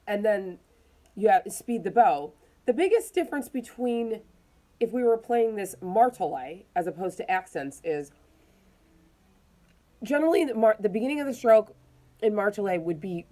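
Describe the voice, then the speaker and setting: A woman teaching a violin lesson, calmly explaining bowing technique step by step while demonstrating. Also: medium pitch. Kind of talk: casual instructional explanation.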